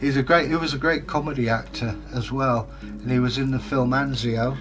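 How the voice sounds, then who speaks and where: A man's voice: mid-range voice, fairly even intonation, normal speed, over music. Rambling man in his sixties. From England. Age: 60s. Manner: rambling, anecdotal, easygoing. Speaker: co-host reading viewer comments. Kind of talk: casual chat.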